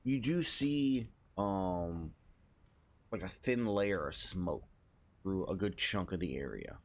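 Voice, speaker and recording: A man narrating as game master of a tabletop game, relaxed and hesitant, with many pauses and fillers. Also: deep voice.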